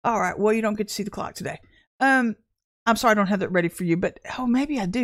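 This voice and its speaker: A woman giving an informal prophetic message to her viewers, talking in an animated, emphatic way with sudden exclamations. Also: medium pitch, fast. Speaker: self-described prophetess.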